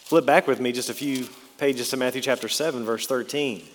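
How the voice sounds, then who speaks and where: A man preaching a sermon and reading scripture aloud, slowing down and stressing key words in an earnest way. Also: mid-range voice, steady tone, slight background noise. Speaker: pastor. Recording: long reverb of a large hall.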